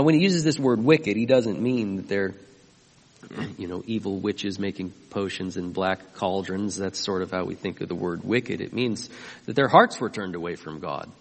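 A man's voice: fairly low pitch, in a large hall. A man preaching a sermon as pastor, emphatic and often asking his listeners questions. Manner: emphatic, asks the congregation questions.

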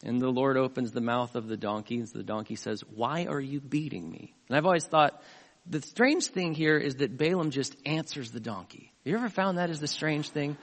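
A male pastor with a mid-range voice preaches at a brisk pace, retelling a scripture story with animation. He throws in asides to the congregation, and the recording carries a long hall reverb.

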